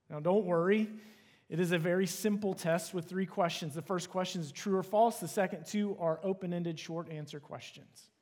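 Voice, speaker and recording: A middle-aged man leads prayer and preaches in an earnest, prayerful way. His voice sits fairly high for a man. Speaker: pastor. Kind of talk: sermon.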